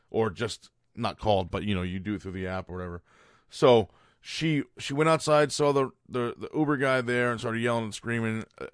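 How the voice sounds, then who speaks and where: In a studio-quality recording with no echo, a podcast host tells a story as an exasperated rant. His voice is lowish, and he's blunt and profane about it.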